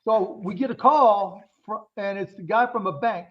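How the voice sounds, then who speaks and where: Blunt high-voiced man telling stories. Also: normal speed. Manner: blunt, candid, swears freely. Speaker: guest entrepreneur. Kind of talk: casual interview storytelling. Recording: dull lo-fi sound.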